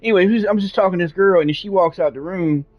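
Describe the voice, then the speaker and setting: A man streaming a game tells a long story in casual talk, rambling, swearing and filling gaps with fillers. His voice sits high and his pace is quick, on a dull, lo-fi recording.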